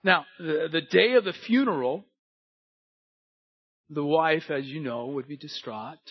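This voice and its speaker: A man preaching a sermon, telling a story and moving between hushed and emphatic delivery. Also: a little high, unhurried, husky, muffled recording.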